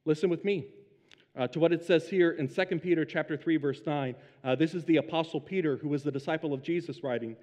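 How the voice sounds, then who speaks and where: A man's voice: a little high, quick pace, a little mellow, big-room sound. A pastor preaching an emphatic sermon and putting questions to his congregation.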